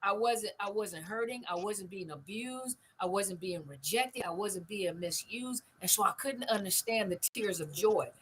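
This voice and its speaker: A woman's voice: medium pitch, normal speed, few pauses, slight background noise, low-quality recording. An older woman, hosting a family conversation and telling stories with emphatic repetition. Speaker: host.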